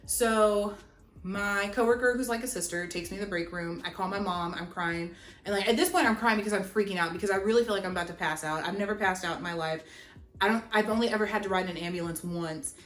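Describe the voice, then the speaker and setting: A young woman telling a storytime vlog, animated and chatty, with lots of "like". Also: medium pitch, fast. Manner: animated, chatty, heavy use of "like". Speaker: vlogger. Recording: roomy echo, faint music. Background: faint background music.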